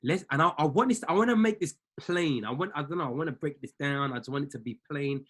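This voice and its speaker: A high-voiced man coaches traders like a preacher, urging his listeners on and hammering points home by saying them again. His voice is husky. He speaks straight to the group. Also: fast, a bit bright. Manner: preacher-like, repeats lines for emphasis; exhorting, talks straight to listeners. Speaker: trading coach. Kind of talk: motivational talk to an online group.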